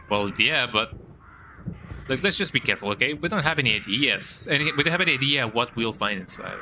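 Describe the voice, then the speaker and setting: Game music plays as he streams, casually commenting and reading the characters' dialogue aloud for fun, finishing lines with a teasing "eh?" His voice sits at medium pitch, animated and fairly quick, against a noisy background.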